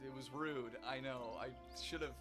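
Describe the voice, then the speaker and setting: Nervous tiefling guy, quiet n halting, says sorry a lot, played by a man. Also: medium pitch, steady tone, faint music behind, close to an everyday voice. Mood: sheepish.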